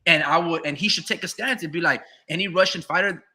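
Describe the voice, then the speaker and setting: A man's voice: a little high, fast, bright, forceful tone. A man co-hosting a casual boxing podcast, talking heatedly and cursing freely as he argues a fighter's side in the first person. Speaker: podcast co-host.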